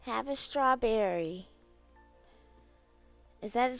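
A woman talks her way through a life-sim game at an unhurried pace, her voice sitting in a middle register. She curses casually and coos at her characters, with faint game music underneath. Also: mid-range voice, dry recording. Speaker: gaming channel host.

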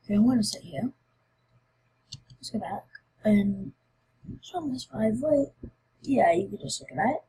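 A woman's voice: medium pitch, lively intonation, a little slow, long pauses, mellow, slightly rough, rough recording. A woman YouTuber chatting casually and rambling through a game giveaway video. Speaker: Minecraft YouTuber.

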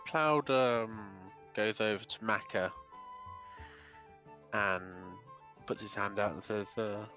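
A player at a tabletop game speaking in a hesitant, halting way, in a muffled lo-fi recording with faint music behind. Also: mid-range voice, sharp tone. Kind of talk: casual tabletop play.

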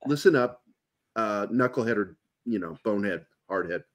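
A man hosting a casual interview chat, talking in an emphatic, animated way. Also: fairly low pitch, moderate pace. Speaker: host.

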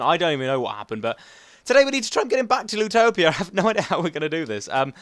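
A young man hosting a game playthrough, chatty and rambling, often restarting sentences and cheering on the game character. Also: a little high. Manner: chatty and rambling, with frequent self-corrections; excitable, coaxing the game character aloud. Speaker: gaming channel host. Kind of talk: let's play commentary.

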